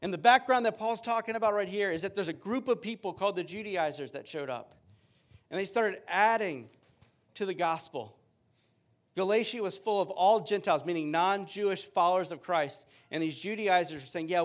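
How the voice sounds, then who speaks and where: High-voiced preaching man. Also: brisk. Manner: earnest preaching, reading scripture aloud. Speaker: pastor. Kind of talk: sermon.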